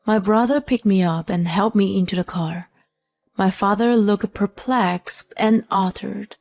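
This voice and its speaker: Woman narrator, unhurried scripted first-person telling, mid-pitched, faint music under it. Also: vocal fry, dry recording. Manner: slow, even first-person storytelling. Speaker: story narrator.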